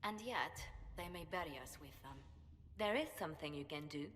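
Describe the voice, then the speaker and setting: A woman's voice: low-pitched, animated, brisk, fairly bright tone, slight background noise. An actress playing a stern, blunt female warrior-advisor who speaks curtly and seriously. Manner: curt, serious. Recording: reverberant game audio, faint ambience.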